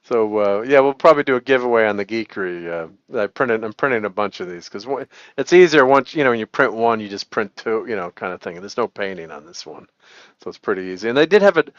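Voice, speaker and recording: A man's voice: medium pitch, fairly quick. A middle-aged man chats loosely on a home live stream and breaks into chuckles over and over. The sound is dry and a little dull, with no room echo. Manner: chuckling, rambling, lots of laughter. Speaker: host. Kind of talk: casual live-stream chat.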